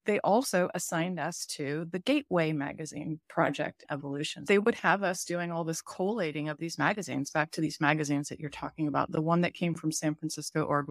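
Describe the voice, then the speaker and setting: A woman's voice: sits low, no echo, clean studio sound. A woman on a podcast telling a candid story from her childhood in a loose, casual way, with some mild swearing.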